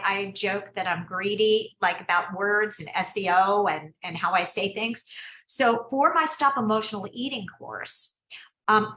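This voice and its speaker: A woman coaching on a video call, talking quickly and chattily, often breaking off and restarting to encourage the people she is coaching. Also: medium pitch, sharp tone, roomy sound, low-quality recording. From United States. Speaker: business coach hosting a mastermind call.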